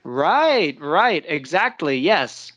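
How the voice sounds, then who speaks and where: A woman's voice: deep voice, very animated, extremely slow, a bit bright, lo-fi sound. An American woman teaching a live English pronunciation lesson, patiently explaining step by step and checking in with her listeners. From United States.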